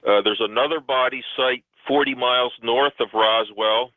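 A man's voice: mid-range voice, fairly even intonation, normal speed, no echo. Man on a tinny phone line. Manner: rambling, emphatic, many fillers. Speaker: guest researcher. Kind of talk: phone-in radio interview.

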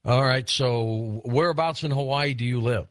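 A man's voice: mid-range voice, moderate pace, dry recording. A man hosting a late-night call-in radio show, joking lightly with callers. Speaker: radio host.

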